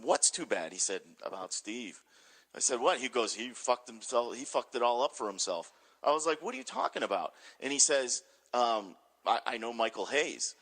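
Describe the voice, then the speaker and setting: A man casually telling animated backstage stories, swearing and laughing as he goes. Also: medium pitch. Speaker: pro wrestler telling stories. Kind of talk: casual storytelling.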